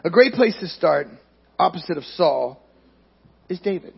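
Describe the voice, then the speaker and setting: A man's voice: sits high, lively intonation, normal speed, gravelly, breathy edge, muffled recording. A man preaching a sermon in a conversational way, putting questions to his congregation. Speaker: pastor.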